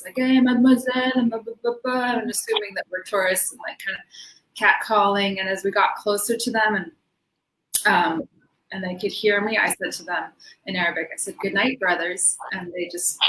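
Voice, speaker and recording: A woman's voice: lowish voice, bright, forceful tone. Chatty woman in an echoey room. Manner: chatty, many fillers, laughs often. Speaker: interview guest, belly dancer. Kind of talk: casual interview chat. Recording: echoey room with faint noise.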